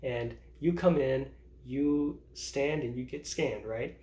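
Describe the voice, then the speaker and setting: A man's voice: mid-range voice, takes it slowly, warm tone. Rambling man in his thirties, roomy sound. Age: 30s. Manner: rambling, self-interrupting, laughs at himself. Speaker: vlogger. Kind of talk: casual personal vlog. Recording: roomy echo.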